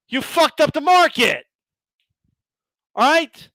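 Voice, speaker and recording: A man hosting a live stream, ranting bluntly and sarcastically, swearing and rising to shouts. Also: very high voice, animated, slow, long pauses, no echo. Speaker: boxing commentator and channel host.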